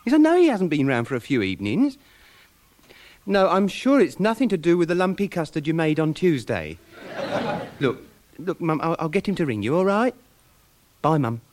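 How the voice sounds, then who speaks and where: A man's voice: fairly high pitch, very animated, normal speed, pauses often, darkish tone. An actor playing a fussy male pier co-owner ruled by his mother, talking in a prim, flustered way in a radio sitcom. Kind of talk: 1990s radio sitcom acting. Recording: hissy archive radio broadcast.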